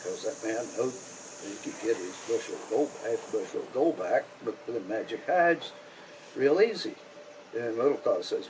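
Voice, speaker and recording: A man with a Kentucky accent spins a folk tale in a slow, folksy drawl full of rural grammar and pauses. His voice sits at a middle pitch, with a faint hiss of noise behind. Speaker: storyteller. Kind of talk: oral folk storytelling.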